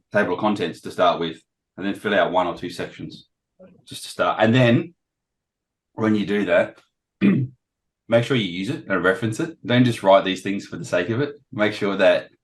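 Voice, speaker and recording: A man with a hoarse, failing voice giving a casual presentation on a video call, often clearing his throat. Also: deep voice, poor audio. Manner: frequent throat-clearing, self-deprecating. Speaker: guest trader sharing experience.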